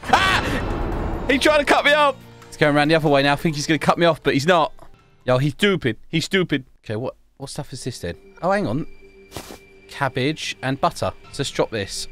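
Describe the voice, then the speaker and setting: Excitable man playing a game. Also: on the high side, fairly quick, soft background music. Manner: chatty, excitable, exclaims and laughs often. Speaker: gaming YouTuber. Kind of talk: casual gameplay commentary.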